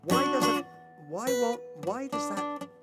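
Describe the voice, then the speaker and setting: A man in his fifties who hosts a guitar channel, giving animated motivational advice on a live stream and now and then singing a line. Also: extremely high pitch, takes it slowly. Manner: animated, sings snippets, voices his inner brain. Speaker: guitar teacher, channel host.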